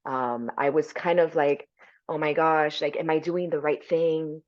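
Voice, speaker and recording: A woman with a lowish voice tells her story candidly on a podcast, reflective and open. Her speech is sprinkled with "you know" and "right?". The recording sounds dull and lo-fi. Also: steady tone, measured pace. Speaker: podcast guest.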